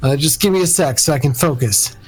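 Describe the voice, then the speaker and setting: An eager superhero teenager, as a man puts him on for a tabletop game. The voice sits noticeably higher, bubbling with excitement and a need to prove himself. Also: a little fast, breathy edge, faint music behind, low-quality recording.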